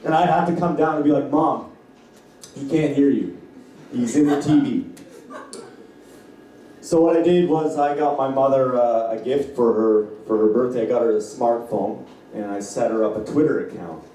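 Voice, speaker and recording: A man from Canada performing stand-up, with a mellow voice and loose crowd-work banter that slips into acted voices. His mic sounds very echoey and distant in the club. A faint hum sits underneath. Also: mid-range voice, steady tone, brisk. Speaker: stand-up comedian. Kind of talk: stand-up comedy set. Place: comedy club.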